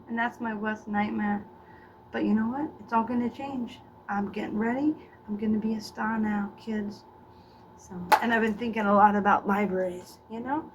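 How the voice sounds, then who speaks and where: A woman's voice: a little high, fairly even intonation, moderate pace, a little hiss or hum, low-quality recording. A middle-aged woman giving a scattered, self-mocking comic monologue to camera. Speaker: vlogger.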